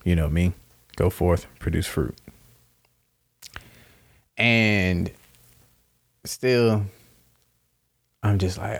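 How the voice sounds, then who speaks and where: Speaking very slowly, with a low, creaky voice and frequent pauses, this man reflects casually and without hurry. He laughs at himself now and then and acts out short quoted exchanges.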